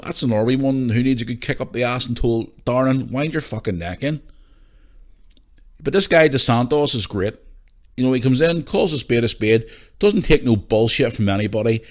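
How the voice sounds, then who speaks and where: A man's voice: mid-range voice, brisk. A man hosting a podcast, ranting his opinions in a blunt, sweary, casual way. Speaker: podcast host.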